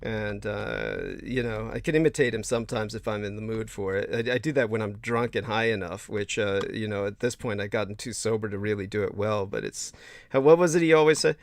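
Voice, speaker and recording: Gravelly rambling male livestream host. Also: lowish voice, brisk. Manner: rambling, stammering, many restarts and fillers. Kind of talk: casual livestream chat.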